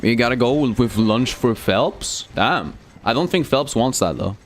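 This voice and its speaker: A man's voice: mid-range voice, lively intonation, measured pace, a little hiss or hum. A young man, chatting casually and cursing as he streams a game and answers chat. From Sweden. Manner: loose and profane, reads chat aloud, many fillers.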